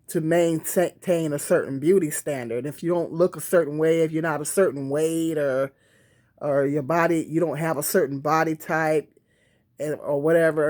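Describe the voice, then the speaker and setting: A woman's voice: low voice, darkish tone. A woman talking casually to camera on a tripod, rambling with many fillers and restarts. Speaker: vlogger. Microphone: phone or camera on a tripod.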